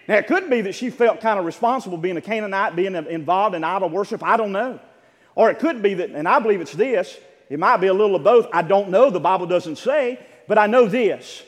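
A man preaching a sermon, repeating phrases for emphasis and swelling into shouted peaks. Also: high-pitched, a little fast, big-room sound.

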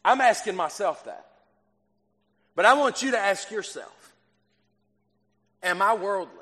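A man delivers an earnest sermon, circling back over his phrases and restarting sentences as he works through a point. His voice sits high for a man. It rings out with a long reverb from the church hall. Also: animated, a little slow, sharp tone. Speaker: preacher.

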